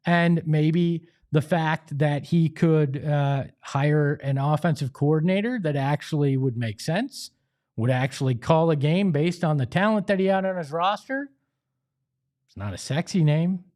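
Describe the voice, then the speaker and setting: A man's voice: fairly high pitch, unhurried, a little mellow. A man hosting a sports talk show, delivering an emphatic, opinionated monologue with pleading asides. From Italian-American family.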